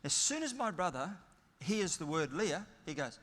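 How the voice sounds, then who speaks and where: A keynote in a large conference hall comes from a middle-aged Australian man whose voice runs on the high side, fairly bright and sing-song at a moderate pace. He spins plain-spoken, chatty stories with humour, and long hall reverb colours the recording.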